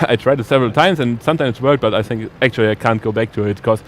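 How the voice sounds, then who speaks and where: A man's voice: mid-range voice, slight background noise. A German man co-commentating an esports match in accented English, laughing often and searching for words. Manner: laughs often, halting non-native English.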